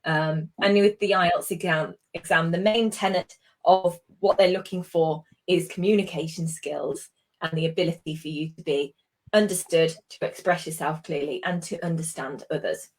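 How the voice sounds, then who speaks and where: A woman's voice: low voice, steady tone, normal speed. A woman with a British accent teaching exam writing in a live session, patient and explaining with examples, with frequent ums. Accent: British English. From Britain. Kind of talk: live online tutoring session.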